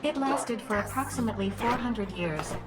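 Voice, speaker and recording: A woman voicing a calm station AI narrator. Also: on the high side, moderate pace, lightly acted. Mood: wry. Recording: game audio over music. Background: game music.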